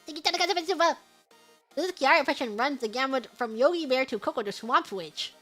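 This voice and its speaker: A woman's voice: high-pitched, lively intonation, fast talker, a bit bright, faint music behind. A young woman streamer reading out superchats in casual, giggly chat, sometimes breaking into song. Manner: bubbly, giggly, sings snatches of songs.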